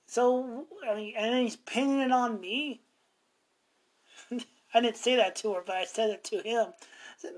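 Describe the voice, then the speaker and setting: A man's voice: sits high, moderate pace, a little mellow. Rambling, profane middle-aged man. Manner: rambling, profane, chuckling often. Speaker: podcast host. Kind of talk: casual storytelling monologue.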